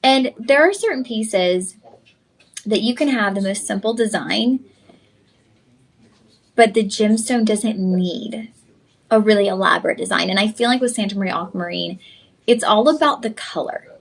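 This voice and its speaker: A woman's voice: medium pitch, normal speed, gravelly, long pauses, breathy edge, low-quality recording. A young woman hosting a live jewelry sales show, chatty and enthusiastic, talking straight to viewers. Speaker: shopping channel host.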